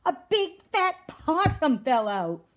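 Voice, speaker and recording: A woman's voice: sits high, slow. A woman from a wildlife rescue reading a children's story aloud and asking the audience questions. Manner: animated, asks the audience questions.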